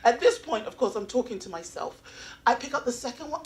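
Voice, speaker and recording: A woman from England with an English accent, doing open mic stand-up comedy with animated storytelling and acted-out voices. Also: on the high side, normal speed. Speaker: stand-up comic. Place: small comedy venue.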